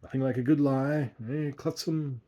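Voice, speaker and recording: A man voicing a tipsy, pompous gentleman who speaks with exaggerated, sing-song civility. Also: mid-range voice, fairly even intonation, moderate pace, lightly acted. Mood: drowsy. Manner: over-polite, sing-song, slightly drunk. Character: tipsy, pompous middle-aged gentleman guest.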